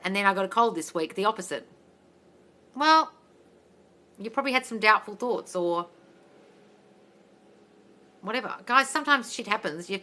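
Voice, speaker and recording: An Australian woman runs a casual live Q&A as a mindset coach, answering comments bluntly and loudly and swearing freely. Her voice is bright and forceful, with a brisk, no-nonsense delivery. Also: mid-range voice. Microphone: phone livestream.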